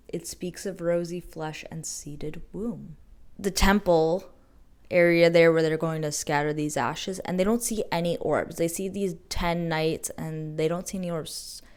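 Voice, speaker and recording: Playful woman recapping a book, low-ish voice. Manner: playful, animated, dramatic asides. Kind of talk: casual storytelling recap.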